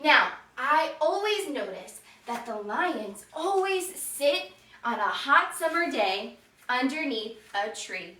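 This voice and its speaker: A woman with a high, bright voice leads a children's yoga class, cheerful and encouraging as she calls out poses and animal noises for the kids to copy. She speaks slowly and clearly. The sound is echoey and picked up from some distance. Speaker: yoga teacher.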